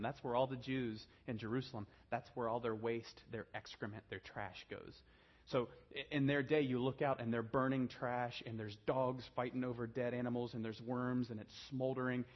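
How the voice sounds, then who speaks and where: A man preaching a sermon, swinging from hushed, low emphasis to raised, urgent delivery. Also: husky, muffled recording. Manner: dynamic preaching, drops to a hushed low voice then rises. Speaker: pastor.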